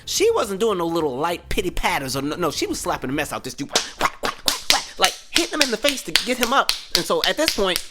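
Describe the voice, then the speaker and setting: Lively man telling a comic story. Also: high-pitched, fast talker, hardly any pauses, very noisy. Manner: animated, acts out other people's voices. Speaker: podcast host. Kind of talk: comedic storytelling. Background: faint background music.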